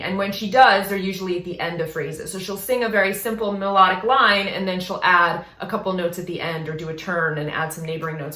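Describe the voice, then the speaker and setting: Bright-voiced woman vocal coach, echoey room. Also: lowish voice. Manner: chatty, explanatory, with frequent "right?" and "you know?" tags. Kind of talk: casual reaction commentary.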